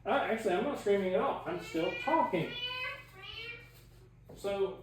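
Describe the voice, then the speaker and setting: A woman's voice: medium pitch, expressive, unhurried. A woman in a heated home argument, accusatory and insistent, talking over the other person. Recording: echoey room, distant mic, noisy.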